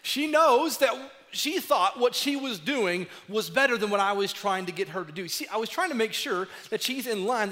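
A man preaching a sermon as pastor, animated and acting out dialogue as he tells stories. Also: sits high. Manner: animated, acts out dialogue in storytelling. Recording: long hall reverb.

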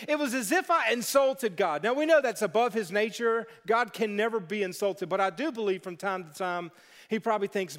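A man's voice: sits high, brisk, fairly bright tone. A man preaching a sermon as pastor, telling stories and breaking into playful voices for the people in them. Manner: storytelling with playful character voices. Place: church sanctuary. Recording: long hall reverb.

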